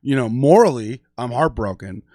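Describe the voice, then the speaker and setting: A man's voice: medium pitch, animated, moderate pace, dark tone, no echo, clean studio sound. A man from Minneapolis telling long, profane stories in casual chat as a podcast guest, full of "you know" and "like". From Minneapolis, USA.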